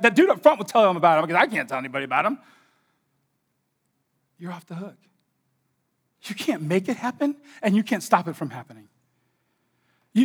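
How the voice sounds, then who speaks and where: A man preaching a sermon as pastor, swinging between hushed, slow passages and loud, excited stretches where he acts out imagined voices and repeats his words. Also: sits high.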